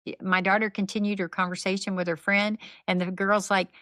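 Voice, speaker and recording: A middle-aged woman guest telling lively, faith-based stories and acting out what people said in casual conversation. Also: medium pitch, a little fast, no echo. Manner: animated, faith-based storytelling with acted-out quotes. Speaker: podcast guest, nonprofit founder. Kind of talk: conversational storytelling.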